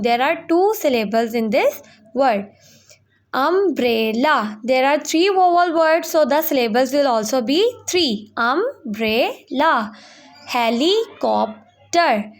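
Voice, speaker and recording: A young woman teaching a school language lesson, stretching out example words slowly and explaining points quickly in between. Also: high-pitched. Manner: slow, drawn-out words for pronunciation practice; switches quickly between English and Hindi explanations. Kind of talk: classroom lesson video.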